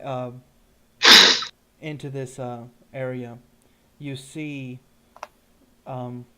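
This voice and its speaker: Easygoing male game master. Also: mid-range voice. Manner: relaxed, searching for words. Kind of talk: improvised game narration.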